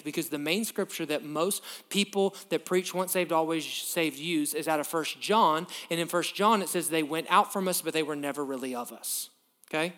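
A man preaching a sermon, emphatic, swinging from quiet to loud and checking in with "okay?". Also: on the high side. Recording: long reverb of a large hall.

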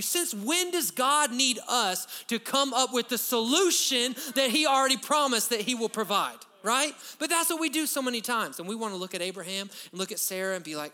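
A man, preaching a sermon as pastor, conversational and then loud and emphatic. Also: very high-pitched, expressive, a little fast, hardly any pauses. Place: church sanctuary. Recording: long reverb of a church hall.

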